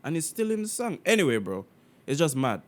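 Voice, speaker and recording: A man from Jamaica hosting a casual music reaction video. He is animated and slangy, with frequent swearing and laughter. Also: a little high, brisk. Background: the reacted song playing faintly.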